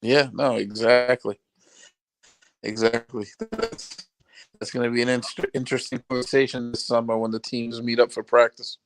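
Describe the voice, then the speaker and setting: A man, a former high school player, chatting casually about sports and agreeing easily with the host. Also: moderate pace, slight background noise, poor audio.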